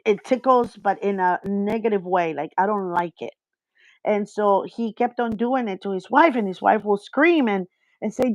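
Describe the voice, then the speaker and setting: A woman tells a personal story in a casual chat, rambling with fillers and getting animated as she retells it. Her voice sits at a middle pitch. The audio is dull and lo-fi, with a dry, close sound. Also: dry recording.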